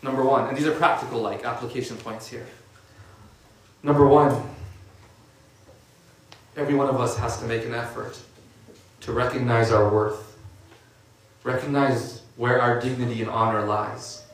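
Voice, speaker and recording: A man's voice: medium pitch, steady tone, normal speed, long pauses. Echoey man giving a casual sermon. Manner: conversational, uses casual fillers. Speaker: religious speaker. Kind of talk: informal sermon. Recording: echoey room from a distant mic.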